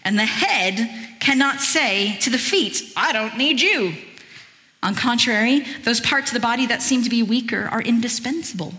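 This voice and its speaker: At a moderate pace and a slightly high pitch, a woman preaches as a guest speaker in a church that sounds like a large hall. She chats her way through the sermon with asides and gives the scripture readings a lively, expressive voice.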